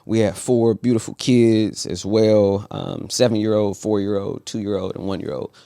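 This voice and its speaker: A man's voice: lowish voice, level tone, normal speed, creaky, mellow, clean tone, dry recording, clean studio sound. Laid-back storytelling pastor, a man. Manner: laid-back storyteller who laughs often. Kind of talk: casual conversation.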